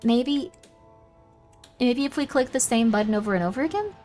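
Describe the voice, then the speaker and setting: A woman's voice: on the high side, animated, moderate pace, a little mellow, soft background music. A young woman streaming a game, chatting casually with her viewers and muttering to herself as she plays. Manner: chatty, reacting aloud to chat and muttering to herself. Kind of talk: casual livestream chat while gaming.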